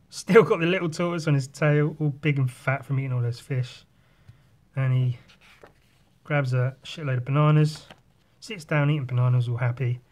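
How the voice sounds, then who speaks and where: A man in casual chat while drawing, rambling through a story and swearing often. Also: a little high. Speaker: artist.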